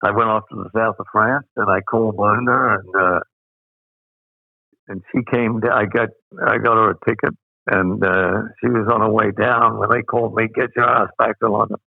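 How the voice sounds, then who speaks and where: An older man with an Australian accent, telling stories as an interview guest, rambling with many pauses and fillers. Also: on the low side, steady tone, creaky, no room sound. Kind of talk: anecdotal storytelling. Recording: dry, phone-like sound.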